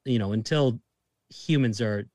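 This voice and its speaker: A man's voice: mid-range voice, unhurried, a little mellow, no room sound. A man in his thirties from Massachusetts with a Boston accent, chatting casually, laid-back and saying dude a lot. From Massachusetts, USA. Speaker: guest. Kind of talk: casual chat.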